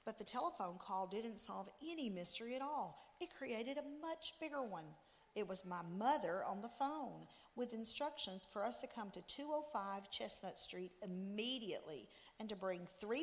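A woman's voice: medium pitch, moderate pace. Woman reading a story in a church. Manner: expressive storytelling. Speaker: story reader. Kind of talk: reading a Christmas story aloud. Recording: long reverb in a church.

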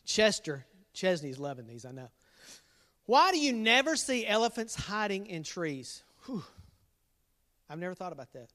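Middle-aged youth pastor, jokey and teasing, high animated voice, long hall reverb. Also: male voice, moderate pace. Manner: jokey, teasing, laughs at his own jokes. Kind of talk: playful dad jokes to an online youth group.

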